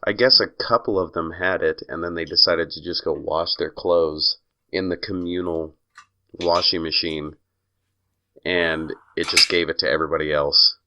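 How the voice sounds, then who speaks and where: A man's voice: low voice, fairly even intonation, moderate pace, bright, forceful tone, dull audio. A man co-hosting a podcast in casual chat, telling stories in a wry, teasing way. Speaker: podcast co-host.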